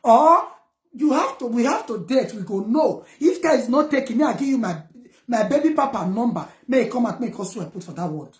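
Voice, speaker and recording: A woman's voice: a little high, lively intonation, fairly quick, echoey room. A Nigerian woman speaking Pidgin English, ranting defiantly at her viewers and scolding her critics. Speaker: vlogger. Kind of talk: heated personal rant to viewers.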